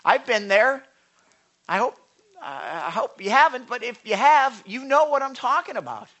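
High, bright-voiced man preaching a sermon. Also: very animated, measured pace, muffled recording. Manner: conversational, checks in with the congregation; earnest, rising to passionate emphasis. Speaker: pastor.

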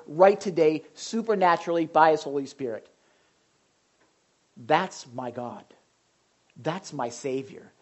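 A man preaching a sermon as pastor, impassioned and emphatic, driving points home with repetition. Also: fairly high pitch.

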